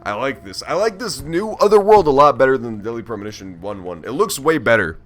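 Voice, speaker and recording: A man's voice: medium pitch, very animated, fast talker, a bit bright, soft background music. A man giving casual gameplay commentary on a stream, joking and swearing as he reacts aloud to the game. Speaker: let's play streamer.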